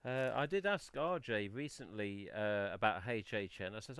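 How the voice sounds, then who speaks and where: A man's voice: lowish voice, normal speed, a bit bright, clean tone. A man with an English accent hosting a casual live stream, chatting and mildly swearing while he rummages through boxes on a headset mic. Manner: chatty, mild swearing, talks while handling items. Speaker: host of a collectors' live stream.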